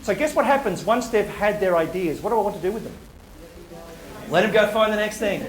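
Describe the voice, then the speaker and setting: High-voiced man in echoey hall. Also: lively intonation. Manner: playful, rapid rhetorical questions, joking asides. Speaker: public speaker. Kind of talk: live lecture to an audience. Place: university lecture hall. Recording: roomy hall echo.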